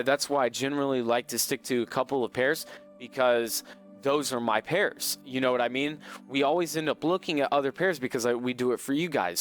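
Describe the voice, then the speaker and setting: A man hosting a live trading stream, talking in an earnest, motivational way and often repeating himself. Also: mid-range voice. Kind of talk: casual live-stream talk.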